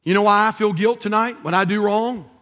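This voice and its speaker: Man, pastor preaching a sermon, high voice, bright tone, fervent, hushed to shouting. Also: brisk, big-room sound. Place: church sanctuary.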